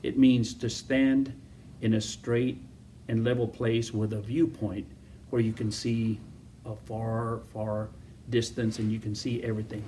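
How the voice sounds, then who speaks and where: A man's voice: on the low side, little pitch movement, measured pace, dark tone, distant mic, slight background noise. A man preaching a sermon as pastor, emphatic and repetitive, full of rhetorical questions.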